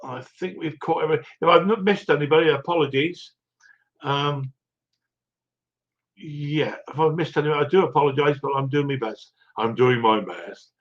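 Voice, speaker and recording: A man's voice: a little high, fairly even intonation, normal speed, muffled recording. Chuckling older man hosting a stream. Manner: rambling, chuckly and self-mocking. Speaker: livestream host. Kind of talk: casual chat greeting viewers.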